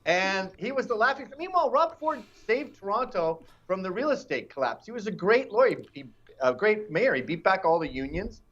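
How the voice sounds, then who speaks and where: A man's voice: high-pitched, big pitch swings, normal speed, a bit bright, muffled recording. A man guest on a political talk show, brash and mocking, sometimes putting on silly voices.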